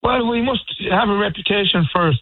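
A man chats on the radio with a slightly high voice, telling stories in halting, restarting bursts. The sound is thin and phone-like. It is dry, with no room around him. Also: no echo. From Ireland. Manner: chatty storyteller, halting restarts. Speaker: band member guest. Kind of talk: casual radio interview. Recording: tinny phone line.

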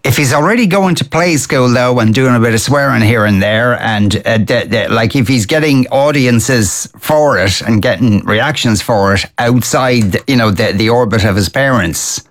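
A man hosts a casual talk show, putting questions to his guest. He speaks at a mid pitch and thinks aloud, with some hesitation. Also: moderate pace, hardly any pauses. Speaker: radio host. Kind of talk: casual interview chat.

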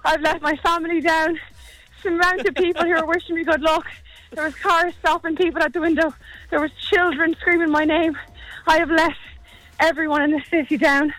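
A breathless Irish woman on a live radio line, her voice pitched high and her complaints played up with theatrical despair. Faint music sits behind her. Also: little pitch movement, normal speed, a bit bright, low-quality recording. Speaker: radio team member running a race. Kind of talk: live on-air phone chat.

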